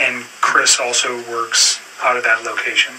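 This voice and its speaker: A male detective questions a witness in a calm, procedural way, dropping in frequent fillers. His voice sounds distant in the room, with clear noise underneath. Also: medium pitch, normal speed. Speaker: police detective. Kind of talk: police interview questioning. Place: police interview room.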